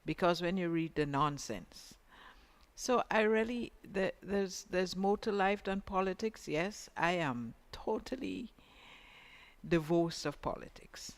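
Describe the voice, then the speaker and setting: A woman's voice: on the low side, animated, slow pace. A woman with a Grenadian accent co-hosting a radio talk show, giving frank, emphatic opinions. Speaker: radio co-host.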